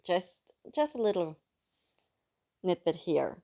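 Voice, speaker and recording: A woman with a German accent and a low, deep-set voice. She talks through a book in a chatty, self-correcting way and reads passages aloud plainly. English is her second language. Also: big pitch swings, takes it slowly, vocal fry, mellow. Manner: chatty and apologetic, with restarts. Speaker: book reader. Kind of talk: casual book introduction and reading aloud.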